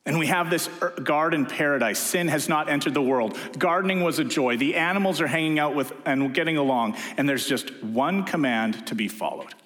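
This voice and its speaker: A man's voice: a little high, brisk, few pauses. A man preaching a sermon, telling stories and acting out quotes in different voices. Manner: lively storyteller, acting out quotes in character voices. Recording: echoey hall reverb.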